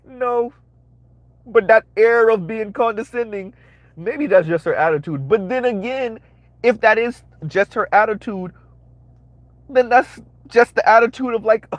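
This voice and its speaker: A man's voice: sits high, dry recording. A man hosting a live-streamed commentary, talking emphatically, repeating his phrases and asking "right?" again and again. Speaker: commentary channel host.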